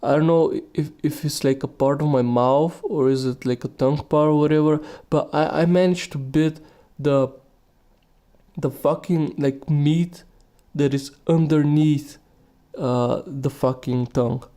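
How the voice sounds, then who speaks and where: A man's voice: fairly high pitch, steady tone, measured pace, dark tone. A young man hosting a solo podcast, rambling casually with lots of swearing, restarts and laughing at himself. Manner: profane, meandering, laughs at himself. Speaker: podcast host.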